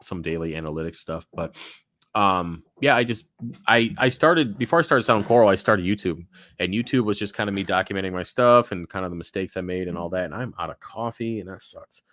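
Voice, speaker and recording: A man's voice: low-pitched, brisk, a bit bright, no echo, clean studio sound. A young man hosting a casual live Q&A from home, rambling, cursing and drifting off topic as he reads viewer questions. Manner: rambling, profane, easily sidetracked, reads chat aloud. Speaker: livestream host answering viewer questions.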